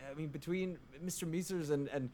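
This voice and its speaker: A man's voice: a little high, fairly even intonation, a little fast, mellow. A man playing a tabletop role-play game, talking hesitantly with many restarts. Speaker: player.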